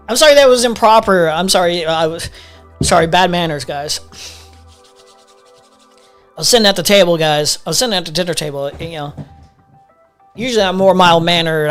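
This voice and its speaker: A live commentary streamer ranting in an exasperated, profane way, often repeating words while reacting to a debate clip. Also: medium pitch.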